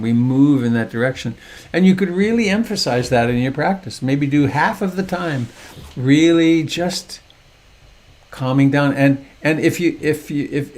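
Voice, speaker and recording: An older man gives a gentle dharma talk over a video call, unhurried and lightly humorous. His voice sits a little high and carries a gravelly fry. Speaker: meditation teacher.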